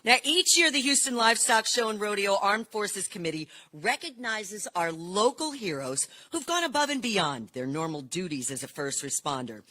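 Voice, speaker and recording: A woman's voice: mid-range voice, sing-song, normal speed, few pauses, bright, forceful tone. A woman hosting as master of ceremonies at an indoor awards ceremony, upbeat and presenting on a microphone.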